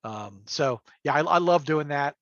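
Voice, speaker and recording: A man with a slightly high voice chats as a game-master guest on a livestream. He rambles, stacks up fillers and chuckles between thoughts. His sound comes through a remote call mic and is muffled, lo-fi and dry. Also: expressive, a little slow, dry recording. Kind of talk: casual livestream chat. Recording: dull lo-fi call audio.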